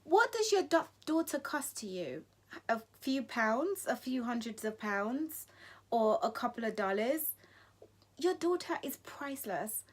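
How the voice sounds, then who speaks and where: Woman vlogging, kinda high voice, worked up and emphatic, keeps repeating herself to make a point. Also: very animated, measured pace. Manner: emphatic, indignant, repeats for stress; restarts mid-sentence when heated. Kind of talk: impassioned opinion vlog.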